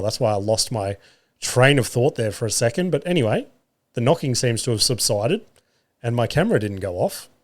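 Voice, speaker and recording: A man's voice: mid-range voice, a little mellow. A man in his thirties with an Australian accent, hosting a podcast and telling wry, profane stories in a casual chat. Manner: profane, wry, lots of filler and acted-out quotes. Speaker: podcast host. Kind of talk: casual comedic storytelling. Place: home room.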